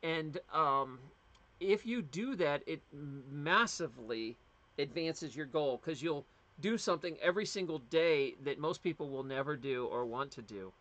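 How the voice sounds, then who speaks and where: A man's voice: on the high side, expressive, measured pace, fairly bright tone. A middle-aged man from the United States, hosting a casual livestream and chatting in a rambling way with plenty of fillers and restarts. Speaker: livestream host.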